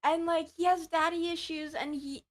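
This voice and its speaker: High-voiced woman rambling excitedly. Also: normal speed. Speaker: player. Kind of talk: casual tabletop chat.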